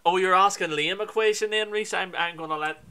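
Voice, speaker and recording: Chatty Northern Irish gaming streamer. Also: male voice, sits high, brisk, bright, forceful tone, smooth, poor audio. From Northern Ireland. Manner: chatty, swears at the game. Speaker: gaming livestreamer. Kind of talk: casual livestream chat.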